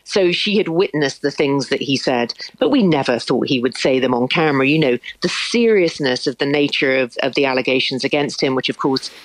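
A woman, a former news producer, telling her story as a radio guest, brisk and candid. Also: rumbling low, no echo, rough recording. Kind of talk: radio interview.

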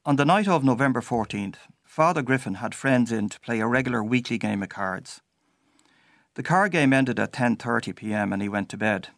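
Man telling a story, measured pace, gravelly voice, dry close sound. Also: medium pitch, lively intonation, a bit bright, no room sound. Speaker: narrator. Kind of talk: personal story narration.

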